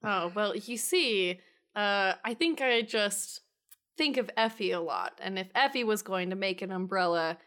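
Casting: woman doing a quirky young woman, bright clear voice, playful and rambling. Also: medium pitch, measured pace, lightly acted. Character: imaginative young woman, upbeat and scheming.

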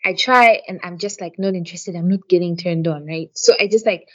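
A woman's voice: fairly low pitch, fairly quick, muffled recording. A woman co-hosting a podcast, telling a story in casual chat. She talks frankly, swears often and fills her sentences with "like" and "um". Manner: frank, profane storytelling full of "like" and "um". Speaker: podcast co-host.

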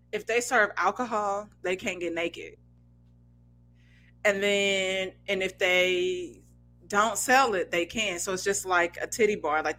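Bright-voiced chatty woman. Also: medium pitch. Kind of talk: casual chat.

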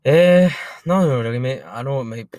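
A man's voice: medium pitch, lively intonation, normal speed, dark tone, no echo. A Scottish man co-hosting a casual football podcast, swearing constantly and ranting in exasperation. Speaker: podcast co-host.

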